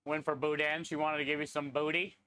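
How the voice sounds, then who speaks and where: A man in a joking, casual live-stream chat, talking with viewers as he cooks. His voice sits somewhat high for a man and sounds dry and close, with little room echo. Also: little pitch movement, brisk, sharp tone, clean tone. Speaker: streamer and food truck cook.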